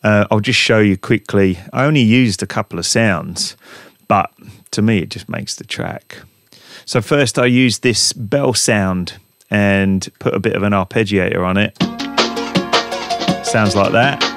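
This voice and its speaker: A man hosting a casual walkthrough in his home music studio, talking in a relaxed, rambling way with plenty of ums. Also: lowish voice, unhurried, no room sound. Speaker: music producer and channel host. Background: music samples playing.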